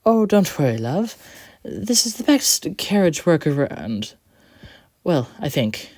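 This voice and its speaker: A storyteller voicing a kind, polite male steam engine who speaks calmly and gently, with a little rambling. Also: mid-range voice, slow, no room sound, clean studio sound, voice pushed up, exaggerated voice. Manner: soft-spoken, warm, slightly rambling.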